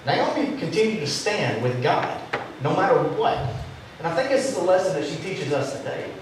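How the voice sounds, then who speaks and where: A fairly high-voiced man preaches in a church sanctuary with a storyteller's ease. His voice rings through a very echoey hall and sits some way off from the mic, with faint room noise underneath. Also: big pitch swings, moderate pace, far from the mic. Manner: storytelling preacher with a joking turn. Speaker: pastor. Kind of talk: sermon.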